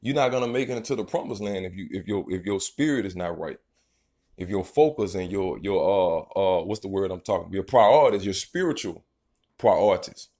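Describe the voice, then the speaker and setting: A man's voice: deep voice, expressive, a little fast, warm tone. A man preaching an informal, profane sermon. He reads scripture verses, then riffs on them in a rambling, emphatic way and keeps tagging lines with "man". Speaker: street preacher.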